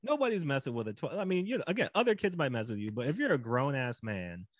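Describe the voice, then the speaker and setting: A man hosting a podcast, talking through a film in a relaxed, rambling way with lots of "like". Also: medium pitch, fast talker, no room sound, clean studio sound. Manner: relaxed and rambling, heavy use of "like". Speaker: podcast host. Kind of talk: casual film discussion.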